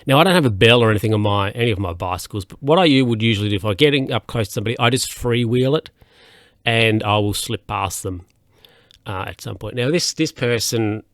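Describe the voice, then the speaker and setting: A man's voice: on the low side, fairly quick, no echo, clean studio sound. A man hosting a solo podcast, telling stories in a rambling, hesitant way with lots of fillers and restarts. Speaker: podcast host.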